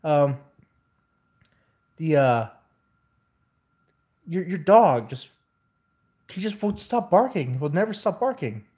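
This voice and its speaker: A man voicing a tired woman neighbor who complains in a halting, hesitant way. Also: low voice, animated, warm tone. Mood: complaining.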